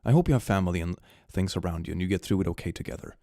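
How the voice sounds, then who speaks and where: Young guy streaming, super lively up and down voice, giggly, dry close mic. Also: sits low, very fast, gravelly, no echo. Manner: animated, giggly, swings from hushed to excited. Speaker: streamer reading fan memes. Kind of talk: casual livestream chat.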